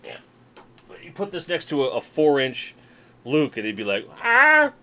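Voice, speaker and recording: Seated at a desk in a home room, this male livestream host unboxes toys while bantering with his audience. His mid-range voice has a lively lilt and normal speed, with a faint hiss or hum in the background.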